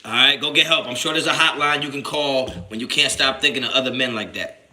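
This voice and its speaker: A man's voice: mid-range voice, fast, slight background noise. A man from New Jersey hosting a sports livestream, reading chat aloud and answering in slangy, profane talk that flares up when he is annoyed. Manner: animated, swears a lot, rises to shouting when annoyed; slangy and repetitive, restarts often. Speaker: sports channel host reading live chat.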